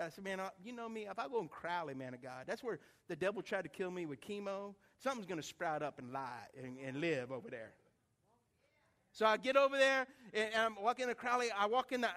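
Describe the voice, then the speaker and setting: A man preaching, a pastor telling a story in a lively, acted-out way to his church. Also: high-pitched. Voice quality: animated storyteller, acts out voices. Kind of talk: storytelling sermon.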